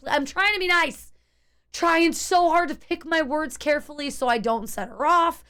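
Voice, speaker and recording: A woman streamer telling her chat a tense story in a casual, animated way, full of restarts and fillers. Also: high-pitched, normal speed.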